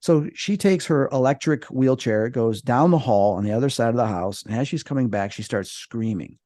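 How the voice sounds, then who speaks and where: A man, a podcast guest, telling a personal story in an animated, dramatic way. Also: mid-range voice, normal speed, dry recording, studio quality. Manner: dramatic, acts out quoted voices.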